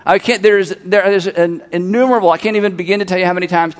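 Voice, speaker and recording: A middle-aged man preaching a sermon as pastor, animated and repeating his key phrases for emphasis while leading the congregation. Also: sits high, fast. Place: large church auditorium. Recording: long hall reverb.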